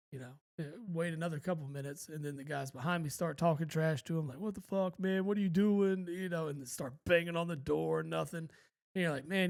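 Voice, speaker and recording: Podcast co-host, man, slightly higher voice, loose rambling storyteller who swears casually. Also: gravelly. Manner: rambling, laid-back, swears freely.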